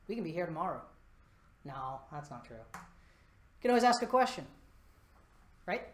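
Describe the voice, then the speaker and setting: A man's voice: on the high side, moderate pace, pauses often. Man presenting in an echoey room. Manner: lively, self-deprecating and joking, walks around the stage while talking. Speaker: conference presenter. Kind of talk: live conference talk. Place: presentation room before a live audience.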